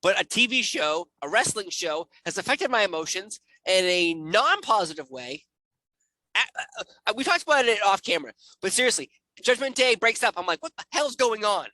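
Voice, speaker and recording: A man co-hosting a casual chat show, ranting in an excitable, animated way with jokey voices. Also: high voice, moderate pace, no room sound. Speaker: podcast host.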